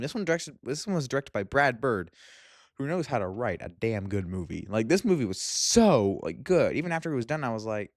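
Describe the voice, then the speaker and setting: A young man reviewing movies in a casual vlog, excitable and gushing, with lots of fillers. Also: mid-range voice, fast, dry recording, studio quality. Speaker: movie vlogger.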